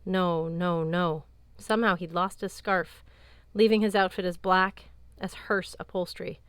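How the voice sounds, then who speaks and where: A woman narrating an audiobook in a measured, even tone, recorded close on a studio mic. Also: mid-range voice, no echo. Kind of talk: scripted narration.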